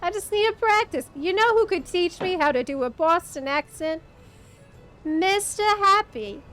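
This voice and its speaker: A woman's voice: very high-pitched, expressive, a little slow, fairly bright tone, soft background music. A woman streamer chatting casually with teammates while gaming, playful and giggly. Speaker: game streamer.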